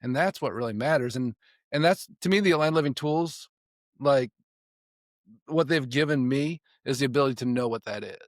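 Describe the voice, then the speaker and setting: A man's voice: mid-range voice, moderate pace, no room sound, studio quality. Reflective man, rambling podcast talk. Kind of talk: casual conversation.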